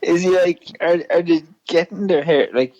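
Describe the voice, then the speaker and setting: A man's voice: fairly high pitch, moderate pace, a little mellow, dull audio. A man co-hosting a podcast from home, reacting in casual chat with laughter and swearing. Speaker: podcast co-host.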